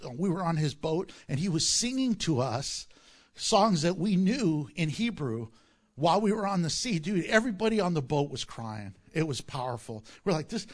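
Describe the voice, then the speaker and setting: A man preaching a sermon, reading scripture and breaking into joking asides and acted-out quotes. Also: fairly high pitch. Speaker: pastor.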